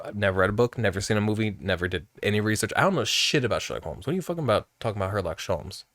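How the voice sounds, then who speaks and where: A man's voice: lowish voice, dry recording. A man casually commentating a video game, telling rambling, profane stories between scenes. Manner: rambling, profane, animated storytelling. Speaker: let's play gamer.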